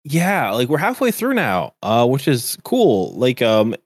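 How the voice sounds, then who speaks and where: A man's voice: medium pitch, huge pitch swings, measured pace, no echo, clean studio sound. A man co-hosting a podcast, chatting casually and rambling with many "like" fillers. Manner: rambling, heavy use of "like" fillers. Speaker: podcast co-host. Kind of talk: casual chat.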